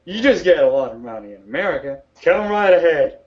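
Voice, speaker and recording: High-voiced man, blunt and lo-fi. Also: very animated. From Latvia. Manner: blunt, swears, fast bursts. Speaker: podcast co-host. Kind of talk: casual chat. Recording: dull lo-fi audio.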